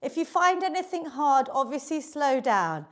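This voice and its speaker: A British woman with a high, slightly bright, sing-song voice speaks at normal speed while leading a live online workout at home. The fitness instructor keeps things upbeat and encouraging, counting down reps and breathing a bit hard.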